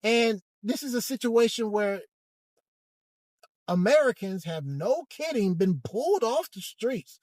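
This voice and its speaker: A man giving a hesitant, halting commentary monologue from inside a car, with frequent restarts. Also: sits high, lively intonation, darkish tone, no echo. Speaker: vlogger.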